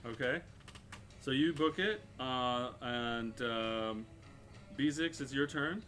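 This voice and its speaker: A man narrating as game master of a tabletop game, unhurried and hesitant, with many fillers. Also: mid-range voice, a bit bright. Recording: music playing behind.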